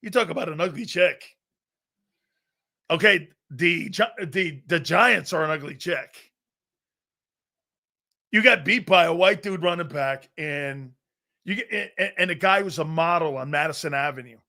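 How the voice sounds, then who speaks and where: A man hosting a live football talk show, loud and blunt, laughing often and rambling through anecdotes with stop-start phrasing. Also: on the high side, measured pace, pauses often. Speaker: sports talk show host.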